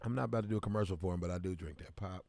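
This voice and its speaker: A man's voice: low-pitched, racing, gravelly, a little mellow, no room sound. A man from Kansas City, hosting a casual livestream and greeting viewers by name in bursts of hype. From Kansas City, American Midwest. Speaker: livestream host.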